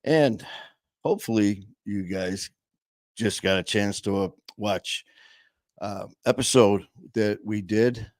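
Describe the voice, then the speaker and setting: Low-voiced guy hosting a chatty home-studio show, dry close sound, lots of uhs. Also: slow, no room sound. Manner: rambling, lots of fillers and restarts. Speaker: podcast host. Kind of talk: casual chat. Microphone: headset.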